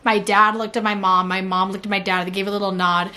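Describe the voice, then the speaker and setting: This young adult vlogger speaks fast with a medium pitch, a level tone and a sharp edge while answering viewer questions. Chatty and casual, she peppers her talk with "like" and laughs at herself mid-sentence.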